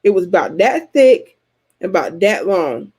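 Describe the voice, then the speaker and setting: A woman from Georgia with a Southern American accent, chatting casually with her viewers and telling stories in an animated, colloquial way. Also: lowish voice, moderate pace, husky. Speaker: vlogger host answering subscriber comments. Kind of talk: casual chat.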